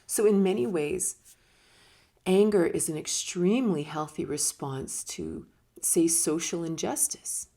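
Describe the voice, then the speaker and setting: A woman with a gravelly, fry-touched voice talks through ideas in a relaxed, conversational teaching manner. She leans on words for emphasis and slips into little acted-out quotes along the way. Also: on the low side, normal speed. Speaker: speaker on personal growth. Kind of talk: casual spoken teaching talk.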